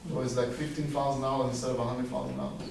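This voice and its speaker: A rabbi giving a storytelling sermon, a man who acts out the quoted dialogue with big leaps in pitch. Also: level tone, racing, darkish tone, slight background noise. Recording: echoey room, voice heard from a distance.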